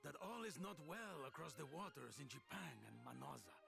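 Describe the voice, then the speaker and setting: A courtly gravelly port official. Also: male voice, on the high side, big pitch swings, a little fast, a bit bright, exaggerated voice. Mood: warning. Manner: formal, old-fashioned courtly speech. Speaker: game character voice. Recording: game audio with music behind.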